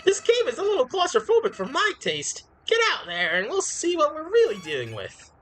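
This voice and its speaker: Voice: sits high, huge pitch swings, brisk, fairly bright tone, a little hiss or hum, pitched above the performer's own voice, full character voice. A gamer voicing a chipper flower sidekick. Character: chipper, scheming cartoon flower companion. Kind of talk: let's play voice acting.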